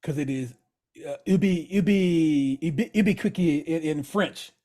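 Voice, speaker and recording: A man co-hosting a podcast, chatting casually while recapping a TV show, playful and animated, sometimes dropping into quiet asides. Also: a little high, moderate pace. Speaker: podcast co-host.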